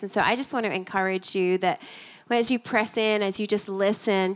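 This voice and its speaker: A woman hosting a church conference, bubbly and giggly as she introduces the next speaker. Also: medium pitch. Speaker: event host. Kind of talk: emcee introduction.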